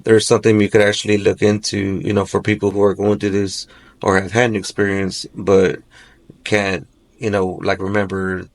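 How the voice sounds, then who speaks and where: Speaking at normal speed in a fairly low voice with little pitch movement, a father of three describes a nightmare he had while guesting on a podcast. He's an adult who rambles, sprinkling in plenty of "like" and "you know".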